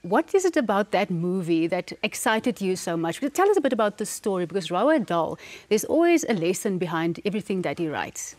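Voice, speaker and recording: A woman's voice: mid-range voice, very animated, fairly quick, hardly any pauses, a little mellow. Upbeat woman hosting a talk show. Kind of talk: morning talk show interviewing.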